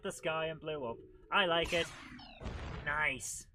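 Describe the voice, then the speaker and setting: A man hosting a retro gaming show, giving chatty, excitable commentary while he plays. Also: on the high side, slow pace, slight background noise, rough recording. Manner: chatty and excitable, with frequent laughs and exclamations. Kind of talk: live gameplay commentary.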